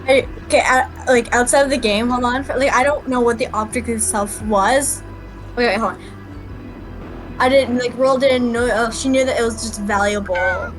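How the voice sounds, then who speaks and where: A woman playing a tabletop game talks hesitantly, stopping to restart and fill gaps. Her voice sits a little high, with faint music behind her. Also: fairly even intonation, moderate pace, poor audio. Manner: hesitant, filler-heavy. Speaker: player. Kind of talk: casual tabletop play.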